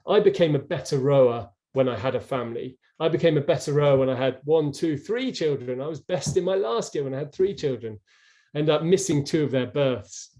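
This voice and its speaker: A man's voice: fairly high pitch, expressive, brisk, dark tone. A middle-aged man, a former rower, telling his story earnestly as an interview guest, with many restarts, over a video call.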